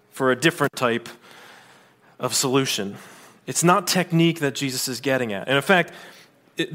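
A man preaching a sermon in a conversational manner, with asides and quick restarts. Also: a little high, a bit bright. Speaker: pastor.

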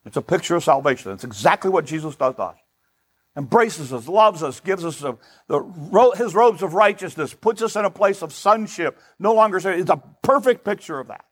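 A man's voice: high-pitched, animated, fairly quick, slightly rough. A male pastor preaching a sermon in an emphatic, conversational way, often repeating words for stress.

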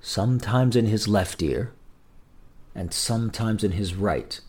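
A man reading a folk tale aloud as a storyteller, in a measured, expressive storybook narration. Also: fairly low pitch, breathy edge.

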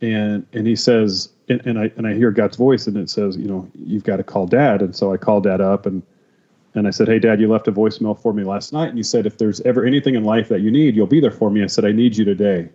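A man tells his faith testimony as a podcast guest, stumbling and restarting as the emotion comes through. His voice is low and mellow. The recording sounds a little dull and muffled. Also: fairly even intonation. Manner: emotional, halting, many restarts. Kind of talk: personal testimony.

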